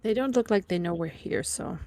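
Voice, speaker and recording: A woman's voice: medium pitch, fairly quick, mellow, no echo. A woman weighs in during a tabletop game, plain and matter-of-fact, with typing heard behind her. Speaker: player.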